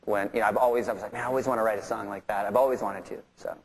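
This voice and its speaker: A man's voice: on the low side, fairly even intonation, racing, slight background noise, rough recording. A man guesting on an onstage interview, telling stories in a casual, rambling way with many fillers and restarts and laughter running through them. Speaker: interview guest, rock musician.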